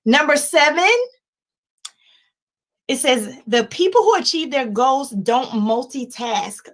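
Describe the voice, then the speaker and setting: A woman in her forties giving a livestreamed life-coaching talk, emphatic and animated, chanting repeated words and laughing often. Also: sits high, unhurried, long pauses, rough recording.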